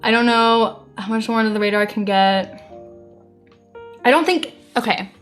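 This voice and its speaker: A young woman from the United States streams live, reading out viewer requests with blunt exasperation. Her voice sits a little high. Soft music plays faintly underneath. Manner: blunt and exasperated, quick to deny.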